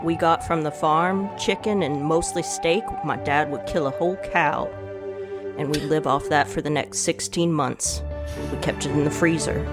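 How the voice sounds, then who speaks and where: A woman voicing a boastful, vain Texan cowboy man in a put-on Southern accent, with her voice lowered into a bragging drawl. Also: fairly even intonation, normal speed, over loud music, natural voice.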